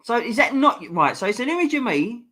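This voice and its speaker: Sweary, lively man hosting a stream. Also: very high voice, brisk. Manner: sweary, chatty, reacting to viewer comments. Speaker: livestream host reading chat. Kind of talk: casual live chat.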